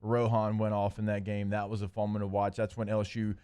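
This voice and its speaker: A man co-hosting a sports radio show, telling animated stories about past games with lots of "like". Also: lowish voice, brisk, clear, resonant tone. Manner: animated storytelling, fillers like "like". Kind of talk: casual sports radio chat.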